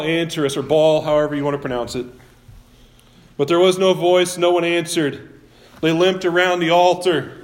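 A man preaching a sermon, retelling a Bible story with casual asides and acted-out quotes. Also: on the high side. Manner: lively storytelling, acting out biblical quotes.

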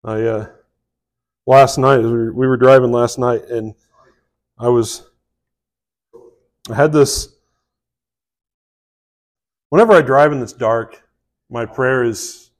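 A man's voice: medium pitch, steady tone, slow pace, pauses often. A man preaching a sermon in a folksy, conversational way, with asides and restarts. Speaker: pastor.

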